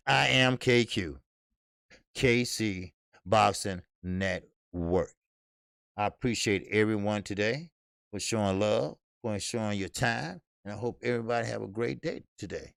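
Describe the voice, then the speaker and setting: A man's voice: lowish voice, gravelly, no echo, clean studio sound. A man hosting a boxing channel, talking in a casual livestream style, blunt and profane with lots of repeated fillers.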